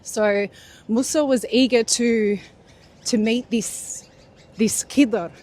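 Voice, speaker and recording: A woman's voice: fairly high pitch, steady tone, takes it slowly, darkish tone. A woman casually retelling a religious story in a loose, chatty way, full of fillers and restarts.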